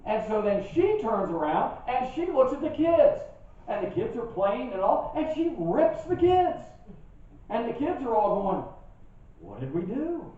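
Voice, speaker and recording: An older man preaching a sermon as a pastor, telling stories with lively asides to his listeners. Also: very high-pitched, a little slow. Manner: animated storytelling with asides to the congregation. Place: church sanctuary. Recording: distant, dull church recording with heavy echo.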